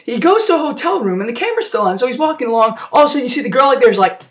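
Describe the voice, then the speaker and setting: A woman rambles through a comic recap of a horror film. Her slangy, mock-outraged delivery sits fairly high, and her pitch swoops widely with exaggerated emphasis. She sounds offhand and playful throughout. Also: very animated, rapid-fire. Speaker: amateur movie reviewer.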